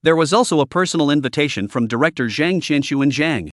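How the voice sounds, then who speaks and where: A man's voice: a little high, lively intonation, fast talker, dry recording, clean studio sound. A man narrating a manhwa story recap in a scripted reading voice.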